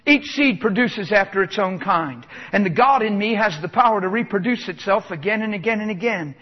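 A man's voice: high voice, expressive, a little fast, breathy edge. A man preaching a sermon with exuberant, emphatic delivery, chuckling between points. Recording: dull lo-fi sound with long hall reverb.

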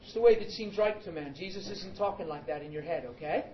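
A man preaching a sermon in an emphatic, animated way, calling out to the congregation. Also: sits high, fast, reverberant, muffled recording, background noise.

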